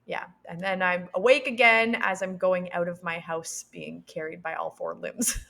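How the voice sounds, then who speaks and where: A young adult woman, a podcast guest, telling a personal story with lively quoted voices and frequent laughs. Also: fairly low pitch, normal speed, gravelly. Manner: animated, acts out quoted voices; laughs between sentences.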